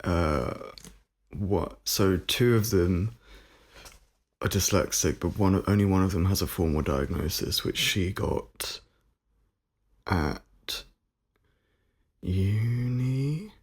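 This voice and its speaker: A man from Somerset speaks with a near-standard southern English accent in a low, husky voice. He chats casually and pauses thoughtfully, often with fillers. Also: lively intonation. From Somerset, England. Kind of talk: casual podcast chat.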